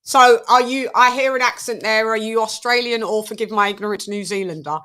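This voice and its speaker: A woman's voice: fairly high pitch, brisk. A woman from the UK hosting a boxing livestream, chatting playfully with guests and greeting her chat with frequent laughs. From United Kingdom. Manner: chatty, playful, laughs often, gives shout-outs to chat. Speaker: livestream boxing show host.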